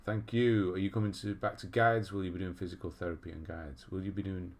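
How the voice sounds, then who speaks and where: A man from England speaks in a low, flat, fairly quick voice while hosting a livestream. He reads viewer messages aloud in a chatty way and laughs at himself.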